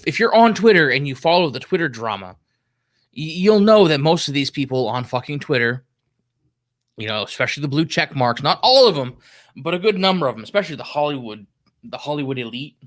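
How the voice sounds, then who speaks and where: A man's voice: medium pitch, bright, forceful tone. A man hosting a solo livestream, chatting casually in a rambling, profane way and getting sidetracked. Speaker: livestream host.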